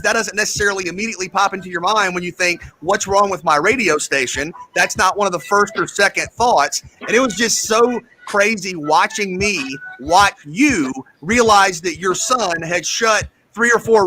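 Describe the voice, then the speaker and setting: A man hosting a radio show, telling a teasing story in a casual, animated chat. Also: high-pitched, a little hiss or hum, rough recording.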